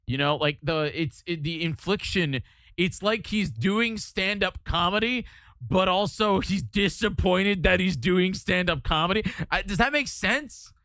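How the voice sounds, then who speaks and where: A man chatting on a live stream in a bright, fairly high voice, rambling, restarting sentences and laughing easily. The sound is close and dry, with no room echo. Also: a little slow. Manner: rambling, stammering, easily amused. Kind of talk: casual live-stream chat.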